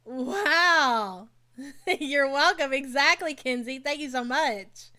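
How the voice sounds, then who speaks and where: A woman's voice: high-pitched, takes it slowly, pushed and bright. A woman hosting a live stream, giving blunt, sassy commentary and talking back to her chat. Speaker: live stream host reacting to a reality show.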